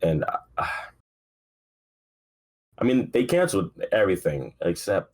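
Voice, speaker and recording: A man's voice: low-pitched, sing-song, measured pace. A young man hosting a casual solo sports podcast, rambling and swearing freely in a sleepy, offhand way. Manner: rambling, profane, laid-back with frequent fillers. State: sleepy, yawning. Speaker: podcast host.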